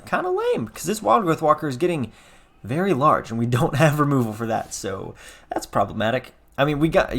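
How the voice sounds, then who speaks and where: Man thinking aloud over a card game. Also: mid-range voice. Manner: thinks aloud, self-correcting, wry. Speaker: gameplay commentator. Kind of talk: casual gameplay commentary.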